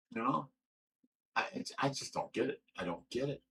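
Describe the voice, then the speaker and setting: A man's voice: mid-range voice, expressive, moderate pace, creaky, pushed and bright, low-quality recording. A middle-aged man hosting a livestream, reading viewer comments aloud and going on an aggrieved, profane rant, often stumbling and repeating words. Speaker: livestream host.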